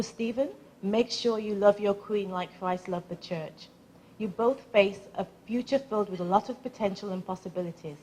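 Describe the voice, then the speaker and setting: Woman, middle pitch, earnest religious wedding speech, blessing the couple at a reception. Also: darkish tone, slightly rough, rough recording. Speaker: family member giving a wedding blessing.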